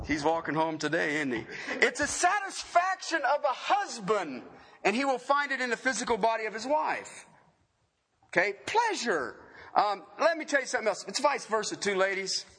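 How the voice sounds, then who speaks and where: A middle-aged man preaching a sermon as pastor, joking and animated, often laughing at his own lines. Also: very high-pitched, a little hiss or hum.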